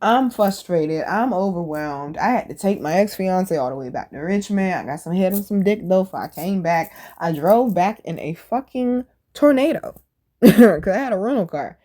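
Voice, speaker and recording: Woman on her podcast telling stories, lower voice, lots of slang and cussing, real animated. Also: moderate pace. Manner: animated, profane and blunt, with slang. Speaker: podcast host. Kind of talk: casual storytelling monologue.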